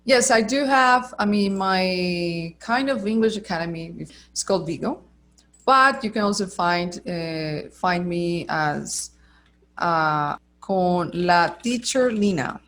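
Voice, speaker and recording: Slow-talking Colombian woman. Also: on the low side, expressive, a bit bright, a little hiss or hum. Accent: Colombian Spanish. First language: Spanish. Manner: careful, practicing pronunciation. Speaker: English teacher and guest. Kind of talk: casual conversational interview.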